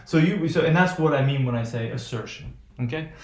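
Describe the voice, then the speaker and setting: In an echoey room, a man with an American accent leads an intonation class, his voice fairly high and slightly fast. Hesitation marks his delivery, with many fillers and repeated "right?" checks.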